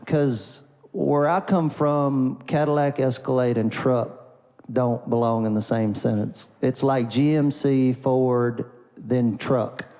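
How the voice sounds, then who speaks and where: A man's voice: medium pitch, takes it slowly, warm tone, big-room sound. A man, a country songwriter, telling a story in a folksy, rambling way, often repeating "and, and" and "uh" between thoughts. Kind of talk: storytelling before an acoustic song.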